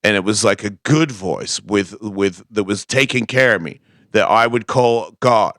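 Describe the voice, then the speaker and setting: Guy telling a wild story on a radio show, bright crisp voice, acts out all the voices, dry studio sound. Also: fairly low pitch, unhurried, no echo. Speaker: guest skateboarder. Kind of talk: casual storytelling.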